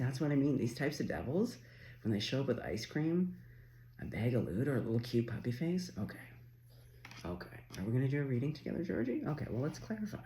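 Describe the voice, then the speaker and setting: Man from Canada, gravelly and animated, chatty tarot reader. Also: mid-range voice, a little hiss or hum. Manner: chatty, excitable, swears casually, coos at his dog. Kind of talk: casual tarot reading chat.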